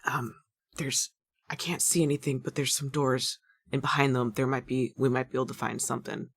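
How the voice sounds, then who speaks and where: A player in whispered role-play, voicing a jumpy ghost-hunter with a loud, hissing whisper through the teeth. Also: medium pitch, little pitch movement, brisk, gravelly, breathy edge, dry recording, clean studio sound. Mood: nervous.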